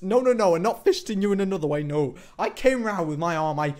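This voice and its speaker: A man's voice: high-pitched, fast, few pauses. Teen guy rambling thru a jokey vlog story, bouncy voice all over the place. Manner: rambling, joking, self-mocking, excitable. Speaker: vlogger. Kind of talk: casual storytelling to camera.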